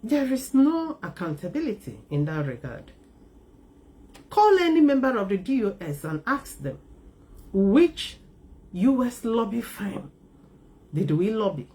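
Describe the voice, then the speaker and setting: A woman hosting a live call-in talk program, speaking in a measured, emphatic way and repeating key phrases. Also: mid-range voice, sing-song, darkish tone.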